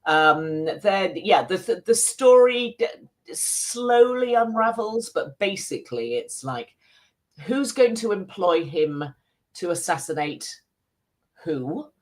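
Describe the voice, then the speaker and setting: A woman's voice: medium pitch, expressive, takes it slowly. A woman speaking as a screen critic on a radio chat show, casual and conversational.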